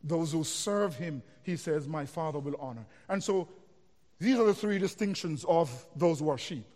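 A man's voice: on the high side, normal speed, darkish tone. A man preaching a sermon, explaining scripture verse by verse and building to emphatic declarations. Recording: long reverb of a large hall.

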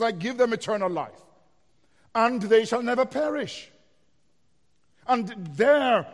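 A man with a high voice delivers an expository sermon, working through scripture line by line. He rises into emphatic, declarative stretches. His voice rings with the long reverb of a large hall. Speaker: preacher.

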